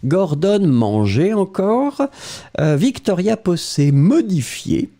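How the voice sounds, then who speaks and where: A man's voice: on the high side, big pitch swings, takes it slowly, warm tone. A male French teacher with a French accent, reading viewer answers aloud during a live lesson and encouraging them, with frequent "euh" fillers.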